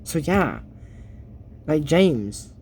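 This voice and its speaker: A man's voice: a little high, sing-song, extremely slow, darkish tone, a little hiss or hum. A man giving casual, rambling reaction commentary on a cartoon episode for his YouTube channel, laughing at his own jokes.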